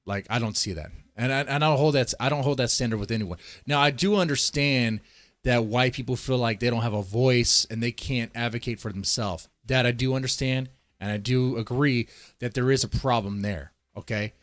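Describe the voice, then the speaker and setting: A man's voice: medium pitch, fairly quick, dry recording. A man streaming live, rambling through casual, profane commentary and talking straight to his chat. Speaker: streamer reacting to a video.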